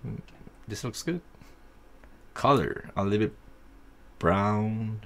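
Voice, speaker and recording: Man, low voice, unhurried, gravelly edge, easygoing thinking-aloud software tutorial. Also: big pitch swings. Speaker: tutorial host. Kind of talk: casual screen-recorded software tutorial.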